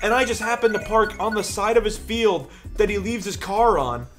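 A man's voice: high voice, animated, moderate pace, fairly bright tone, soft background music. A young man hosting a let's play, telling a long rambling story in casual gameplay commentary and swearing freely.

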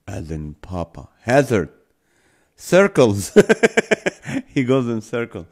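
Guy doing a live stream, talks real slow, reads chat comments out and laughs a lot. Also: medium pitch, very animated. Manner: slow, playful, reading viewer comments aloud and laughing often. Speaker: livestream host. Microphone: phone or camera mic.

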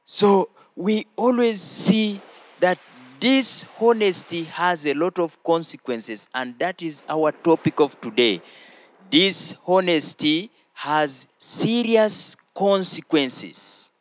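A man hosting a children's church show, teaching slowly and prompting the children to repeat phrases after him. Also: fairly high pitch, no room sound. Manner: slow, deliberate, prompting listeners to repeat phrases. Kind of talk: teaching children with call-and-response.

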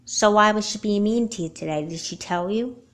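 A woman voicing a sensible older teen sister in a homemade doll movie, giving calm reassuring advice. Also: mid-range voice, brisk, close to an everyday voice. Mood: curious.

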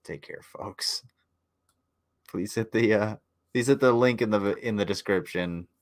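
A man's voice: on the low side, a little slow. A tired man casually commenting on a livestream, joking and swearing as he rambles. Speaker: streamer reviewing war footage.

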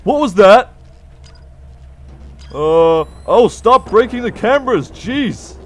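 A man's voice: high-pitched, expressive, slow pace, long pauses, over music. A man hosting a gameplay video who gets startled easily and laughs at himself as he plays. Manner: jumpy, easily startled, giggly. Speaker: let's play host. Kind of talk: gameplay commentary.

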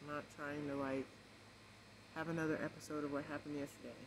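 A stressed, emotional woman vlogging at home, rambling softly with many fillers and keeping her voice low. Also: little pitch movement. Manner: rambling, many fillers, kept deliberately quiet. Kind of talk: casual rambling vlog chat. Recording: noisy home recording.

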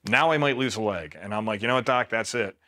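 A middle-aged man from Pennsylvania, a Marine veteran, telling war stories in a casual, deadpan way and quoting himself flatly. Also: fairly low pitch, fast talker. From Pennsylvania, USA. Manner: laid-back, deadpan, quotes himself flatly. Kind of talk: casual storytelling interview.

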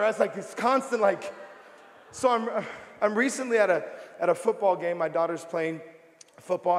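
A high-pitched man, preaching in a large auditorium with a long echo. His lively sermon runs on animated storytelling and comic asides. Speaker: pastor, guest preacher. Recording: reverberant hall.

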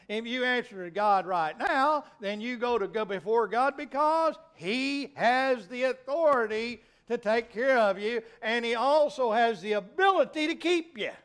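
This middle-aged pastor has a smooth voice of extremely high pitch. He preaches in a folksy, animated manner, pushing his emphasis up to rising peaks.

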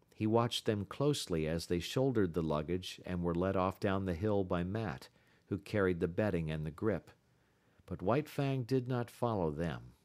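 A man narrating a classic novel as an audiobook in a measured storytelling delivery. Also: low-pitched, a little mellow.

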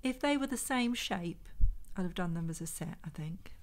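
A woman talks through her vintage finds one by one in a relaxed, chatty vlog. She speaks at an easy pace with a mid-range voice and thinks aloud as she goes. The voice is recorded at home. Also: mid-range voice, slight background noise. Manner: chatty, unhurried, thinking aloud while handling items. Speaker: vintage homeware reseller. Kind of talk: casual show-and-tell vlog.

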